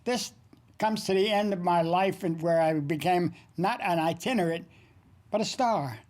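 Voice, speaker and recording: A man's voice: sits high, moderate pace, darkish tone. Older man telling wry career stories. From United States. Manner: wry, anecdotal storytelling with dry jokes. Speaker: cartoonist recalling his career. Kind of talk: documentary interview narration.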